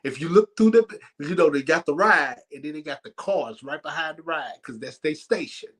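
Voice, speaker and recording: A man hosting a church comedy night, telling a story in a lively, laughing way. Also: a little high, moderate pace, breathy edge. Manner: animated, laughs while telling. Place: church sanctuary.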